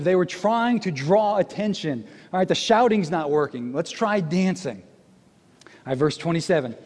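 Animated preacher in a reverberant hall. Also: male voice, high-pitched. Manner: animated, jokey storytelling with acted quotes. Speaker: pastor. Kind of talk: sermon. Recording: long reverb of a large hall.

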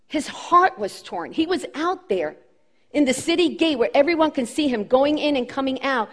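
A woman's voice: high voice, lively intonation, moderate pace. Impassioned woman preaching a sermon. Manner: impassioned, rising and falling emphasis, repeats phrases.

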